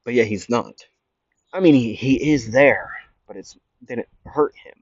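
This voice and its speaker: A man's voice: medium pitch, measured pace, slightly rough, no echo, dull audio. A young man improvising a what-if fan story, rambling and correcting himself as he goes, on a home mic. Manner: rambling, self-correcting, lots of fillers.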